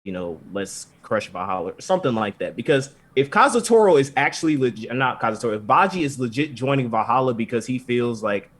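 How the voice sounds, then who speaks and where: A man co-hosting a podcast, casually recapping an anime episode in an animated, profane, rambling way. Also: medium pitch, fast talker, hardly any pauses, slightly rough. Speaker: podcast co-host.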